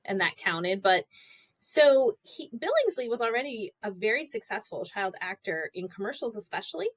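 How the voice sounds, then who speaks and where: Chatting casually as a podcast co-host, this woman in her forties tells stories and acts out quoted voices. Her medium-pitched, fairly bright voice has a sing-song lilt and moves at a moderate pace. The podcast microphone picks her up with no echo.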